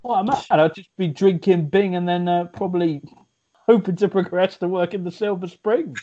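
A man's voice: high voice, steady tone, normal speed, warm tone, muffled recording. A man, telling rambling jokey stories in a casual podcast chat. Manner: joking, rambling storyteller.

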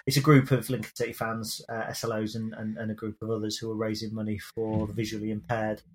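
A man's voice: fairly low pitch, flat delivery, quick pace, husky. A man co-hosting a casual football fan podcast, rambling and self-deprecating with many fillers. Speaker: podcast co-host. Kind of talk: casual chat.

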